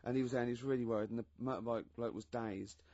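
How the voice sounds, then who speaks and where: A man's voice: mid-range voice, fairly even intonation, racing, darkish tone, no echo, dull audio. A man hosting a radio show, chatting casually and making joking, teasing asides. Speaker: radio host. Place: radio studio.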